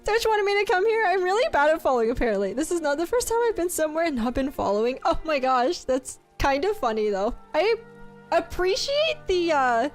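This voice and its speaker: A woman's voice: high-pitched, sing-song, brisk, soft background music. A woman streamer chatting casually with her viewers, giggling often and reading their messages aloud. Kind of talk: casual live-stream chat.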